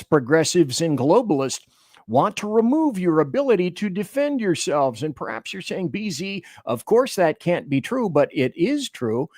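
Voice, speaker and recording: A man's voice: medium pitch, darkish tone, no echo, studio quality. A man hosting a political radio show, giving emphatic, opinionated commentary and reading articles and chat aloud.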